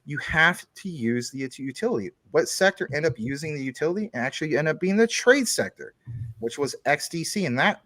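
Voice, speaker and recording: A man's voice: fairly high pitch, animated, brisk, fairly bright tone, no room sound, clean studio sound. A man talking as a guest on a casual chat show, explaining things at length through long everyday analogies.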